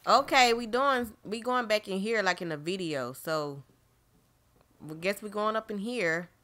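A woman who hosts a gaming channel comments on a horror game as she plays, jumpy and exclaiming, speaking straight to her viewers through a desk microphone. Her voice is medium-pitched, fairly bright, and a little slow.

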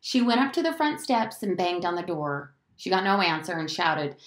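A woman teacher reading a novel aloud to her class, in an expressive storytelling manner. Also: fairly low pitch, normal speed, hardly any pauses, echoey room.

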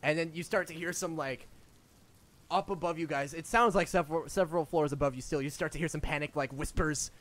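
A man's voice: fairly high pitch, fairly even intonation, brisk, a bit bright. A man running a tabletop game as game master, narrating casually with restarts and spoken sound effects.

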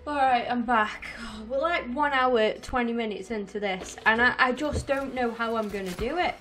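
A gaming streamer in her twenties talks at a normal speed in a fairly high, fairly bright voice, with soft music in the background. Frustrated, she curses constantly through her let's-play commentary and speaks directly to her viewers.

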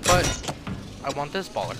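A man talking casually while livestreaming a game, who stutters and restarts often and squeals when excited. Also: on the high side, moderate pace, over loud music. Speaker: gaming streamer. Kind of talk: casual live game commentary. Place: home gaming setup.

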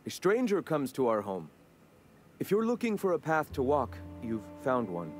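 An actor voicing a grave male founder of a free settlement in video game dialogue, speaking in a measured, sermon-like way. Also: mid-range voice, huge pitch swings, a little mellow, a little hiss or hum. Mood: solemn.

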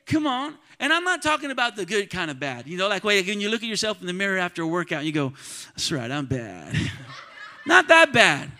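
A man preaching a sermon to his church congregation, calling out to the crowd and swinging between quiet talk and loud shouts. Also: sits high, very animated, quick pace, hardly any pauses. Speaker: pastor. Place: church sanctuary.

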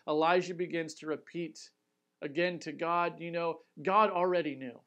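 A male pastor preaching a sermon, talking straight to his listeners and dropping quiet for emphasis. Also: on the high side, fairly even intonation, moderate pace, highs cut off. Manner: earnest, direct address with dramatic quiet drops.

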